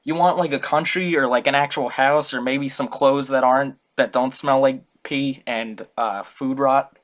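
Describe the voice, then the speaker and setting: A young man voicing a starstruck young male king who gushes excitedly over his hero. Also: medium pitch, normal speed, close to an everyday voice. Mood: gushing. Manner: excited, gushing, fanboyish.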